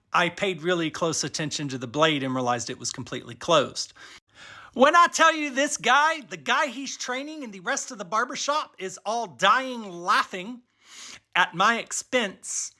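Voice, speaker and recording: A man with a Cajun accent telling a funny story casually, chatty and animated, with many fillers. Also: sits high. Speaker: vlogger.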